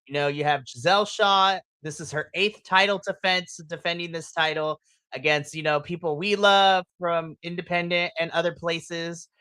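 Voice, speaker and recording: An excitable man co-hosting a wrestling podcast, full of swearing and loud acted-out reactions. His voice is bright and sits close and dry on the mic. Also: fairly high pitch, normal speed, clear, resonant tone, no echo. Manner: excitable, swears, animated retellings with shrieks and laughs. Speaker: podcast co-host. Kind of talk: casual wrestling recap chat.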